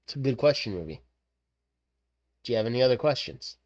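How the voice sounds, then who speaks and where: A man's voice: mid-range voice, fairly quick. Rambling male streamer with muffled sound. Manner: animated rambling, frequent fillers. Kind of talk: casual stream chat.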